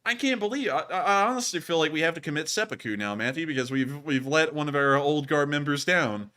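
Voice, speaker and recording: A young man hosting a live stream in a bright, slightly high voice. He talks in a casual, excitable, rambling way, full of "like" and restarts. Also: brisk. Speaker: host of a live news stream.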